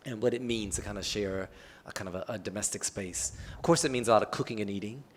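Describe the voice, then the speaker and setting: A man with a lowish voice talks through an arts panel in an easygoing, meandering way, leaning on "um" and "kinda" as he thinks aloud. Faint room ambience sits behind him. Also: fast talker, a little hiss or hum. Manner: relaxed and loose, with frequent "um" and "kinda" fillers. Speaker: panel speaker from an arts foundation. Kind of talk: conversational panel talk. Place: public talk at an arts event.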